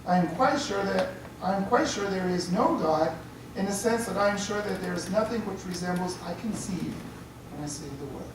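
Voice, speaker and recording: Priest lecturing in a chatty way, heard from a distance in a very echoey room with faint hiss. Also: male voice, high-pitched, animated, moderate pace. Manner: chatty, checks in with listeners. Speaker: priest giving a talk. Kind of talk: conversational lecture.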